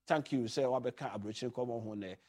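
A man hosting a radio talk show in a relaxed, chatty way, switching freely between languages. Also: medium pitch, a little fast. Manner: mixes languages, chatty and loose. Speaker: radio host. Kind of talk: casual radio chat.

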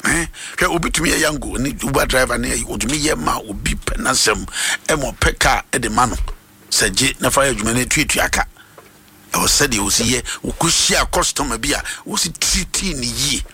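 A man's voice: mid-range voice, animated, a little fast, bright, forceful tone, a little hiss or hum. A man with a Ghanaian accent hosting a radio morning prayer segment, speaking with a fervent, preacher-like delivery and switching between Twi and English. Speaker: radio host.

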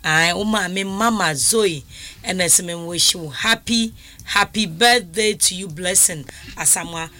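Bright-voiced Ghanaian woman radio host. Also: mid-range voice, moderate pace. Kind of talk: casual radio call-in chat.

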